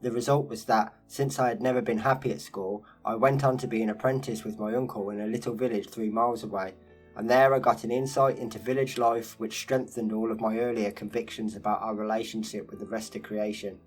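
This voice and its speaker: A man giving a measured, unhurried narration of a first-person life story. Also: fairly low pitch, steady tone, faint music behind, rough recording. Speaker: narrator reading a first-person memoir interview. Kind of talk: scripted narration.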